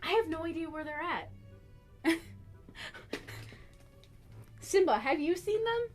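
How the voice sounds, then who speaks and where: A woman's voice: very high voice, expressive, takes it slowly, faint music behind. A young woman streaming from her small bedroom, chatting casually and giggling to herself as she hunts around the room, sometimes drifting away from the mic. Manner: giggly, scattered, talks to herself while searching. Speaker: art streamer. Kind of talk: casual live-stream chat.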